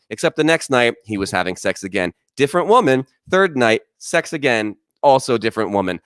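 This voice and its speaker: A man's voice: medium pitch, big pitch swings, brisk, hardly any pauses, a bit bright, smooth, no room sound, clean studio sound. A man doing wry, self-deprecating stand-up comedy over a video call from his quarantine room into a microphone.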